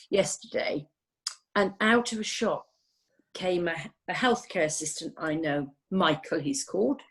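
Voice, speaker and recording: Rambling, chatty woman nurse, low voice. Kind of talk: casual chat.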